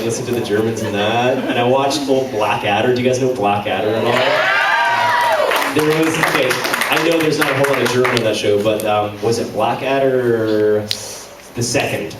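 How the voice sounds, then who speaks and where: Chatty male voice actor in echoey hall. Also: medium pitch. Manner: chatty, self-deprecating, laughs often. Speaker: voice actor on a convention panel. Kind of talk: casual panel talk. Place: large convention hall. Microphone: audience camera from a distance. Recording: echoey hall from far off, background noise.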